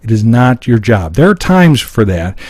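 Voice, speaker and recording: A man's voice: mid-range voice, sing-song, normal speed, a little mellow, dry recording. A man presenting a live seminar, explaining points emphatically and acting out short example lines. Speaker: seminar speaker. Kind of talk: live public-speaking seminar. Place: seminar room before an audience.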